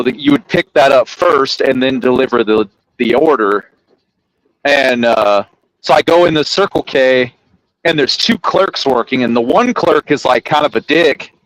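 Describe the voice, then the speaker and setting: A man's voice: mid-range voice, a little slow, no echo, low-quality recording. A man chatting casually on a podcast, telling a work story and acting out the people in it, with plenty of swearing. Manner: animated storyteller, acts out quotes loudly, swears.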